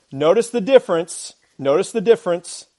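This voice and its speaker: A man's voice: sits high, warm tone. A man preaching a sermon as pastor, emphatic, with rhetorical questions and repeated phrases. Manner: uses a glove as a prop.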